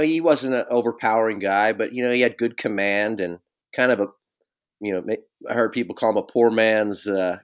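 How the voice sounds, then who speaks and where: A middle-aged man, a podcast host and former ballplayer, telling stories in a casual chat and often laughing. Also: lowish voice. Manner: animated storyteller who breaks into laughter.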